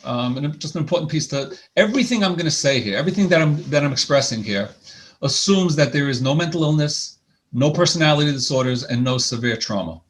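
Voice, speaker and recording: A man gives a lecture on marriage in a loose, conversational way. His voice sits a little high for a man, and he often trips into restarts and repeated words as he works toward his point. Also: fast talker. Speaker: couples therapist. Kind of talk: lecture presentation. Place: lecture hall.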